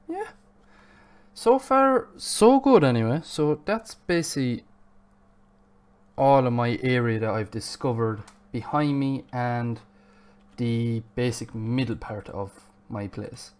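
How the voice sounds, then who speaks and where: This gaming streamer talks through his live gameplay in a chatty, self-deprecating way, occasionally cursing at the game. He has a medium-pitched voice with a darkish yet clean tone.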